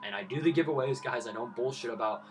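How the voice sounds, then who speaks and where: A man's voice: mid-range voice, fast talker, over music. A man in his twenties giving blunt, profane live-stream commentary on his crypto trades and lecturing his viewers. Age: 20s.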